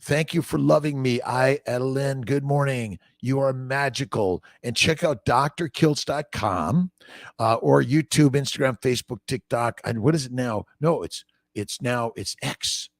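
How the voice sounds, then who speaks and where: A man's voice: mid-range voice, normal speed, no echo, studio quality. An older man, a doctor, hosting a casual morning livestream, upbeat and preachy, greeting viewers by name.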